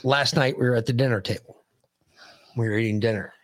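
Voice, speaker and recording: A man's voice: mid-range voice, fairly even intonation, brisk. An American man co-hosting a podcast, telling a story in heated, profane, ranting bursts. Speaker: podcast co-host. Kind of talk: casual chat.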